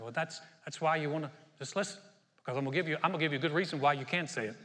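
A man preaching a sermon as pastor, animated and laughing often as he quotes scripture. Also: on the high side, very fast. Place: church. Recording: long hall reverb.

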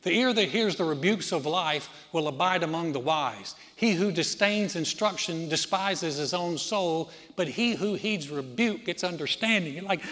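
A man preaching a folksy sermon to a congregation, dropping to a hushed voice when he tells stories. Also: sits high, expressive, moderate pace, hardly any pauses, big-room sound. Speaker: pastor.

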